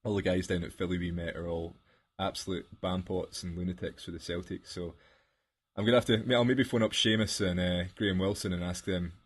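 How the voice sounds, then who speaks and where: Guy on a podcast, low voice, a bit husky, rambly storytelling. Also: steady tone, fairly quick. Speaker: podcast co-host. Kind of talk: casual chat.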